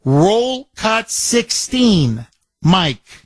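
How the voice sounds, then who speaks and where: High-pitched, slow-talking male radio host. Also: very animated, no echo. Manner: emphatic, combative, repeats words for force. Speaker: radio talk show host. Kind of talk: opinionated talk radio monologue. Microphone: studio microphone.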